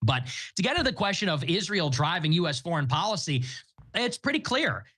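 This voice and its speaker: A man making a measured, explanatory argument in a debate. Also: fairly high pitch, sing-song, bright, forceful tone.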